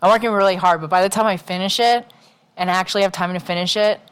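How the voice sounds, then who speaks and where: A woman's voice: medium pitch, fairly even intonation, quick pace, smooth. A young woman co-hosting a podcast in casual chat, blunt and sweary, laughing often and acting out what others said. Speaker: podcast co-host.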